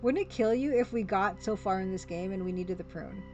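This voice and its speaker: A woman's voice: medium pitch, fairly quick, warm tone, lo-fi sound, faint music behind. Amused woman streamer thinking aloud. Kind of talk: let's play commentary.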